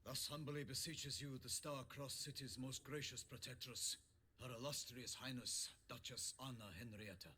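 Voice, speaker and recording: A solemn knight herald, as a man voices him, with a mid-pitched voice. He reads out formal, ceremonious proclamations in a video game, with a faint noise behind him. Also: fairly even intonation, moderate pace, pushed and bright, close to an everyday voice.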